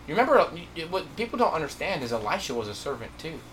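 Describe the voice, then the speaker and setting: A man preaching a sermon, telling a story with animated delivery and acted-out quotes. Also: on the high side, quick pace, a little hiss or hum.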